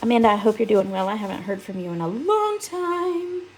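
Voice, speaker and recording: A woman's voice: fairly high pitch, lively intonation, brisk, a little hiss or hum, poor audio. A woman hosting a live crafting demo. She chats with viewers and laughs often, seated at her craft desk. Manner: chatty and upbeat, laughs often. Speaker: crafting livestream host.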